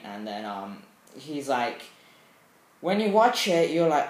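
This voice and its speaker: A man chatting casually about a film he loves, excitable and rambling, with lots of fillers and sound effects. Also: fairly high pitch, measured pace, roomy sound, rough recording. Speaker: movie fan vlogger. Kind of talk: casual film review chat.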